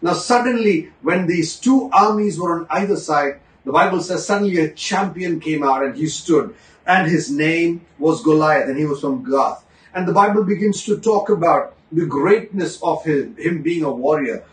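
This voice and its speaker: A man with a high voice preaches a sermon, repeating phrases for emphasis and swinging from rushed bursts to slow, weighty words. He is heard from some distance in a room with a strong echo. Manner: dramatic swings between fast bursts and slow, drawn-out emphasis. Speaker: pastor.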